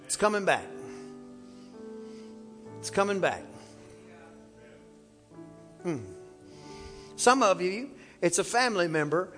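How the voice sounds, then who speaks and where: Fervent high-voiced preacher in a reverberant church. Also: male voice, animated, takes it slowly, pauses often, soft background music. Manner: fervent preaching, rising to shouts, calls for congregation responses. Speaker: pastor. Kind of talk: sermon. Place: church sanctuary.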